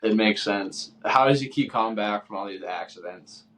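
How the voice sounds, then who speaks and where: A man's voice: on the low side, normal speed, crowd noise. A man in his twenties co-hosting a podcast, chatting casually and rambling through stories while acting out what people said. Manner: rambling storyteller, acts out his own quoted lines. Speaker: podcast co-host. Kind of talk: casual chat.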